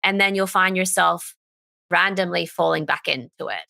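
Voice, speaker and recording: A woman's voice: on the low side, moderate pace, vocal fry, sharp tone, no room sound. A woman speaking as a therapist guest in a podcast interview, earnest and openly talking through her grief, sometimes laughing through tears. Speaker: somatic therapist and coach, guest. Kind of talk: candid interview conversation.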